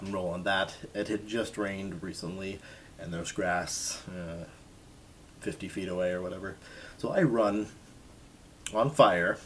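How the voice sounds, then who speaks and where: Deep-voiced man telling a jokey story. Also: a little hiss or hum. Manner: jokey, self-mocking, lively retelling. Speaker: vlogger. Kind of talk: casual storytelling to camera.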